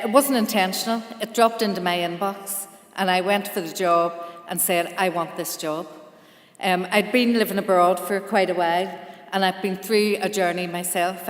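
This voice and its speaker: A woman in her fifties from Northern Ireland speaks candidly with a slightly low voice. She tells her life story to an audience. Long reverb from a large hall surrounds her. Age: 50s. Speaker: charity staff speaker. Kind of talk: personal speech at ceremony.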